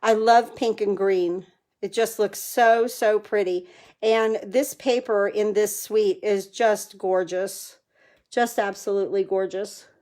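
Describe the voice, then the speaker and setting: A woman's voice: medium pitch, steady tone, slow pace, darkish tone. A woman hosting a live card-making demonstration from her craft room, chatty and enthusiastic, thanking viewers by name as she works.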